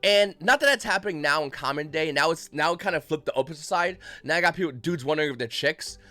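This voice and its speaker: Higher-pitched man ranting casually. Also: quick pace, pushed and bright, faint music behind. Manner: rambling, profane, mocking. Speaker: card game channel host. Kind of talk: casual rant to camera.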